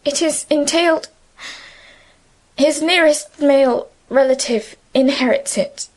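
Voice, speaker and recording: A woman reading the part of a reserved, grieving teenage schoolgirl in a soft, earnest voice. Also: high voice, takes it slowly, pitched above the performer's own voice, rough recording. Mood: sad.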